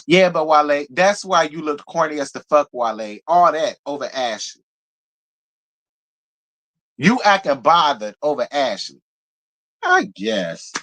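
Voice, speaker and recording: Animated, gossipy man with a raised voice. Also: fairly high pitch, a little slow, pauses often. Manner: animated, profane, gossipy, laughs often. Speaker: reality TV recap host. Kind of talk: casual live review commentary.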